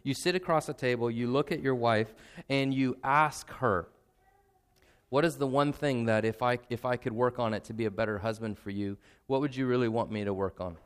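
A young adult man, a pastor, giving a sermon in a conversational, self-deprecating way and slowing down to stress key points. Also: mid-range voice, smooth.

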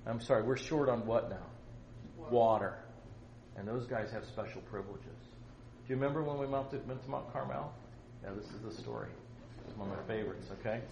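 A man preaching at a family camp, teaching the Bible in a conversational, animated way and acting out the scripture. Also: mid-range voice, fairly quick, long pauses, dull audio. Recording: roomy echo, faint noise.

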